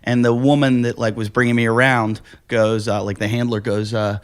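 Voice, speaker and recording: A man's voice: mid-range voice, a little fast, hardly any pauses. A man, a stand-up comedian, telling stories in casual chat and acting out the people he quotes. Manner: animated, acts out quoted voices.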